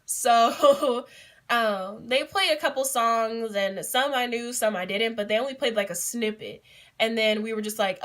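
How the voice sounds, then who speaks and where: Bright, excitable young woman vlogging. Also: on the high side, a little slow. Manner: excitable and giggly, many fillers. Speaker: beauty vlogger. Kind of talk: casual vlog storytelling.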